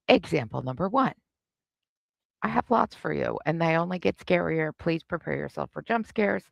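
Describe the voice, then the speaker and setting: A woman's voice: low-pitched, animated, normal speed, vocal fry, no echo. A woman hosting a live reaction stream, giving sarcastic, snarky commentary.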